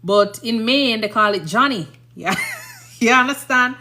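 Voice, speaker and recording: Her voice a little high, expressive and sharp in tone, a Jamaican-accented nurse in her thirties takes it slowly while chatting casually on a live stream. She rambles and keeps asking "you understand?".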